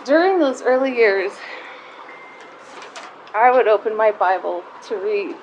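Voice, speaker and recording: A woman's voice: medium pitch, lively intonation, unhurried, lo-fi sound, slight background noise. A middle-aged woman giving a heartfelt, conversational personal talk to a live group of mothers, close to tears at times.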